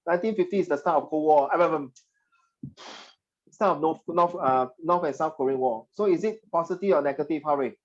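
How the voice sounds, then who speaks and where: A male history teacher lecturing a class, his voice sitting a little high for a man. He talks in an animated, teasing way and slips in Mandarin phrases. The recording sounds dull and lo-fi, as if from the classroom. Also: fairly quick.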